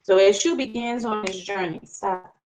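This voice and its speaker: Lively woman telling a folktale. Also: fairly high pitch, a little slow, low-quality recording. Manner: lively, asks the audience questions. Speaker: storyteller, teacher. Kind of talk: interactive storytelling lesson.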